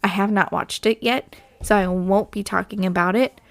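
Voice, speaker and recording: A woman's voice: medium pitch, fairly even intonation, normal speed, gravelly. A woman hosts her podcast in a loose, rambling solo chat. Her voice is scratchy from allergies, and her talk is full of fillers and side turns. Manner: rambling, chatty, with many fillers. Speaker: podcast host.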